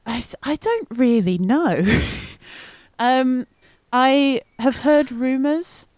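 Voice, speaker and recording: A woman's voice: high-pitched, animated, takes it slowly, darkish tone, dry recording. A woman co-hosting a podcast, chatting casually and laughing often as she recaps an event with many ums. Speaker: podcast co-host.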